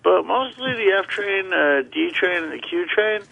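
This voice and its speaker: A man's voice: sits high, animated, creaky. A man calling in, defensive and a little slurred-sounding, over a phone line. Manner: defensive, slow, mumbling. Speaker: caller. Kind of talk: phone-in call.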